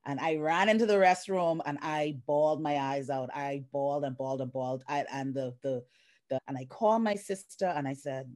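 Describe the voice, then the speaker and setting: A woman from the Bahamas with a very low, deep voice, recounting her life story on a video call. She tells it with emotion and acts out the voices of the people in her story, speaking as a middle-aged life coach. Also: fairly quick. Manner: emotional, animated retelling with acted-out quotes. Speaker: life coach, featured guest. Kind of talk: personal storytelling in an interview.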